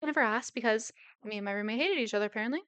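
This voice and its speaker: A woman co-hosting a podcast, reacting in quick, laughing chatter. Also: on the high side, a bit bright, clean tone, no room sound. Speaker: podcast co-host. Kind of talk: casual chat.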